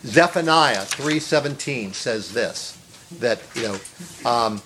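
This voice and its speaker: A man's voice: medium pitch, lively intonation, slow pace, bright, forceful tone, a little hiss or hum. A man preaching an earnest sermon, stressing phrases, repeating words and rising to exclamations. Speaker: pastor.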